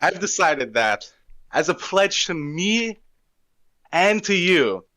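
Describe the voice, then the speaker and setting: Teen male caller, high voice, rambly and slangy, dry close sound. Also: very animated, slow pace, pushed and bright, no echo. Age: teens. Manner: rambling, enthusiastic, uses slang. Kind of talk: casual call-in chat.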